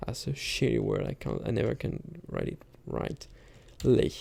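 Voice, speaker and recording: A man's voice: lowish voice, wildly swooping pitch, moderate pace, vocal fry, mellow. A man in casual thinking-aloud commentary, muttering asides as he types and reads lines aloud while gaming. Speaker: gamer reading poetry into a game.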